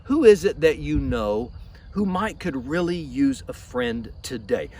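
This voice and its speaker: A man, a pastor telling a Bible story in a lively way outdoors in a field. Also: mid-range voice, a little slow, distant mic, a little hiss or hum. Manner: lively storytelling with repeated restarts.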